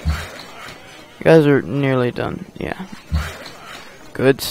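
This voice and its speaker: A man's voice: mid-range voice, sing-song, very slow, darkish tone, a little hiss or hum. A man giving casual gameplay commentary, muttering and joking to himself as he plays. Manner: mutters and jokes to himself while playing. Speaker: gameplay host.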